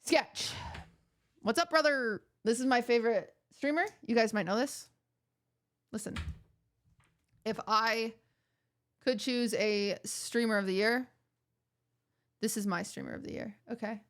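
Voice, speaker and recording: Young woman streamer rambling and joking to chat, kinda high voice, playful mock outrage. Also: unhurried, pauses often. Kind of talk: casual chat with chat viewers.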